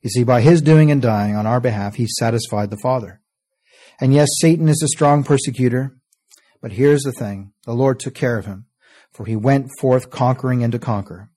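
Man preaching, earnest sermon, mellow warm tone, phrase ends drop quiet, slow stressed scripture reading. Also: medium pitch. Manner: earnest, often trailing off softly at phrase ends; reads scripture in slow, stressed King James cadence.

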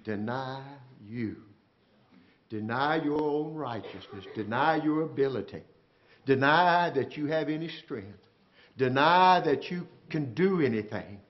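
A man's voice: a little high, expressive, unhurried. Fervent preacher man, muffled recording. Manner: swings from shouting to near-whisper, calls out to the congregation. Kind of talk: sermon.

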